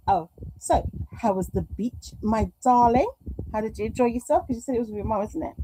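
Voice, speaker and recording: A woman's voice: on the high side, moderate pace, warm tone, slight background noise, rough recording. A middle-aged woman hosting a live stream at home, chatting and reading out viewer comments in a rambling, affectionate way. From United Kingdom. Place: home room.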